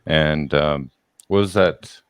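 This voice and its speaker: A man's voice: a bass voice, slow, clean tone, no echo, clean studio sound. A man co-hosting a casual live show, dropping brief wry remarks and steering the topic. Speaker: co-host.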